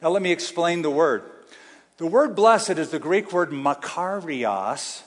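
A man preaching a sermon to a congregation, emphatic, slowing down to stress key phrases and asking the room to answer him. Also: fairly high pitch, lively intonation. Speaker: pastor. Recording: long hall reverb.

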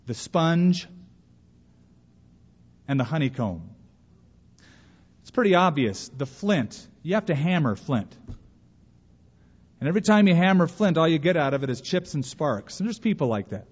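A man preaching a sermon in a folksy manner, acting out the voices of the people he quotes. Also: on the high side. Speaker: pastor. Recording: dull, long church reverb.

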